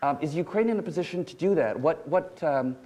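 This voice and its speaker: A man moderating a conference panel, speaking haltingly with many fillers as he introduces guests and asks questions. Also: on the high side, expressive, a little mellow.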